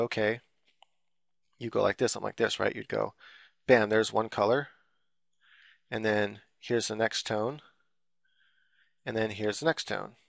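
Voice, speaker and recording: A man's voice: fairly low pitch, vocal fry, dry recording, studio quality. A man giving a casual, rambling drawing tutorial while he works on screen, full of fillers and loose explanations. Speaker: drawing instructor.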